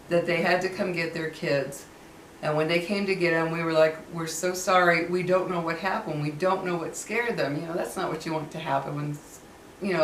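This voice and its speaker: A woman's voice: fairly low pitch, slight background noise. A middle-aged woman telling a personal story in a casual, chatty way, repeating phrases and acting out what others said. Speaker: vlogger. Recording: echoey room, far from mic.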